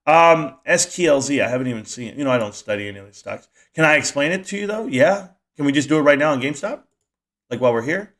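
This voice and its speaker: A man's voice: a little high, expressive, fast, a bit bright. A man hosting a casual live stream, rambling animatedly and answering his chat as he goes.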